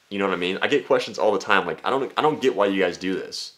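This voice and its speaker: A man's voice: fast talker, few pauses. Brash young man coaching on dating. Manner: brash, swears freely, jumps into high mocking voices. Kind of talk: casual talking-head monologue.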